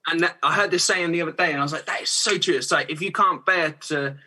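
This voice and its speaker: Young man, podcast guest; bright, husky, rambling chatty delivery. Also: fairly high pitch, fast. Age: young adult. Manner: chatty, rambling, laughs often, many restarts and fillers. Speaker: guest singer-songwriter. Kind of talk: casual podcast chat.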